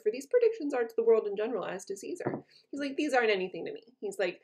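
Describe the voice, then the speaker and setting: A woman's voice: mid-range voice, lively intonation, quick pace, a little mellow. A woman teacher reading lines from a play aloud and retelling them in casual everyday words for her students. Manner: casual paraphrase.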